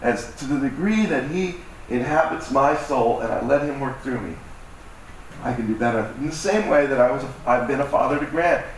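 A man's voice: medium pitch, normal speed, far from the mic. A man preaching a conversational sermon as pastor, joking about himself and acting out voices. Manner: conversational, self-deprecating, acts out voices. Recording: echoey hall, mic from afar, faint noise.

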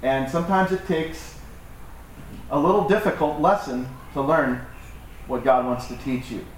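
A man's voice: on the high side, a little slow, slight background noise. A male pastor giving a conversational, joking sermon to his church and acting out voices in the stories he tells. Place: church hall. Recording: echoey hall from far off with faint ambience.

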